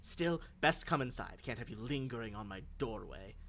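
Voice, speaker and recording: A man voicing an elderly alien woman who is disdainful and sharp-tongued, in live tabletop role-play. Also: mid-range voice, lively intonation, normal speed. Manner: crisp and clipped, dry scorn.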